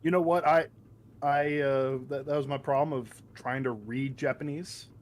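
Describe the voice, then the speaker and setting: A man's voice: mid-range voice, steady tone, moderate pace, slight background noise. A man giving casual, joking commentary while playing a game, often stumbling over names. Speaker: let's play host.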